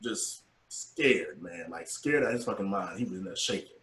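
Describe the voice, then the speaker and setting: A man co-hosting a casual podcast, telling profane boot camp stories and loudly acting out the voices of the people in them. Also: sits low, normal speed. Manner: profane, animated, acts out quotes loudly. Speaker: podcast co-host, navy veteran. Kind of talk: casual storytelling chat. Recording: echoey room.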